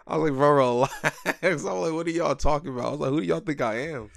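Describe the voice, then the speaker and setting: A man's voice: fairly high pitch, gravelly, dry recording, clean studio sound. A young man co-hosting a podcast, joking around and playfully protesting. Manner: joking, teasing and quick to protest. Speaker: podcast co-host. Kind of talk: casual chat.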